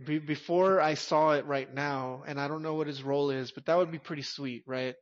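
Blunt, swearing man with a higher voice. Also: steady tone, a little fast. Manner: blunt, swears a lot, emphatic. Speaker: podcast co-host. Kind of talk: casual chat. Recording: dull lo-fi audio.

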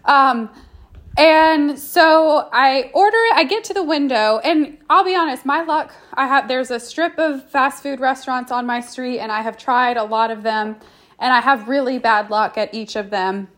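A young woman chats casually, rambling through a story with plenty of fillers and restarts. Her voice sits a little high for a woman. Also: fairly bright tone. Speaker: food reviewer. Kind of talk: casual chat.

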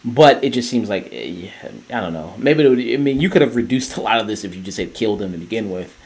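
A man's voice: on the low side, expressive, quick pace, darkish tone. A man co-hosting a podcast, reviewing a TV show in casual chat, rambling with many fillers and restarts. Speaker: podcast co-host.

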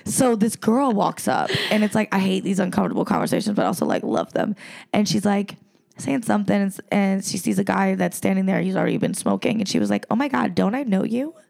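A woman's voice: mid-range voice, big pitch swings, fast, creaky, a little mellow. A woman hosting a podcast, telling stories in casual chat, brash and profane and acting out other people's voices. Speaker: podcast host.

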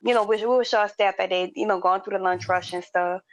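A woman's voice: medium pitch, steady tone, brisk. A woman co-hosting a podcast, telling a story in loose, slangy casual chat and acting out the people in it. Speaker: podcast co-host. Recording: dry, slightly dull recording.

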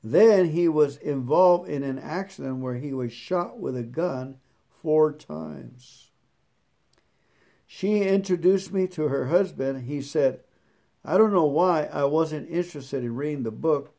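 A man slowly reads a devotional book aloud, repeats scripture verses, and adds his own halting comments. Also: fairly high pitch, vocal fry, warm tone. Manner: slow, deliberate reading that repeats scripture verses. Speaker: truck driver reading a devotional book aloud. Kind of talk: devotional reading with personal comments.

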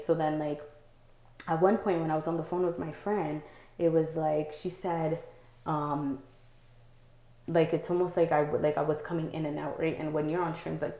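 Low-voiced woman rambling in an echoey room. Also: vocal fry, dark tone. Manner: rambling, heavy use of "like" and "um", frequent "right?". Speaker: podcast host. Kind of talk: casual personal storytelling.

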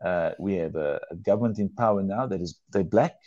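A man tells his life story in a low, dark voice, earnest and emotional, often stumbling and restarting mid-sentence. The recording is dry and slightly dull. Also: fairly quick, no room sound. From South Africa. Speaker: guest telling his testimony. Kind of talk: personal testimony in conversation.

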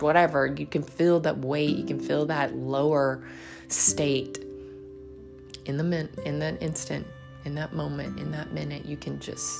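A woman's voice: low voice, vocal fry. A woman life coach and podcast host giving an earnest, encouraging faith-based motivational talk to her listeners.

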